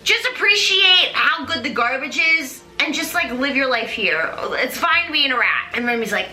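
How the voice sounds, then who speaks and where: A woman hosting a show, gushing and rambling excitedly in casual chat, with lots of fillers. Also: high-pitched, a little fast, few pauses, reverberant. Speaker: host. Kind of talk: casual recap talk.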